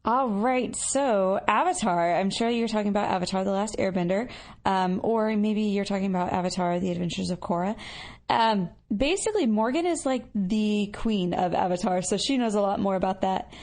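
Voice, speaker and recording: Woman podcast cohost, laid back and chatty, bit of vocal fry. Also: mid-range voice, moderate pace, a little mellow. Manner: casual, chatty, fillers like "um" and "like". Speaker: podcast co-host. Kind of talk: casual podcast chat.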